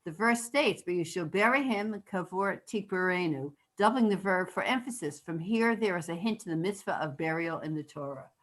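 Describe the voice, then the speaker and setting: A woman, a student in a class, reading a religious text aloud with steady care. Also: on the low side, normal speed, few pauses, poor audio.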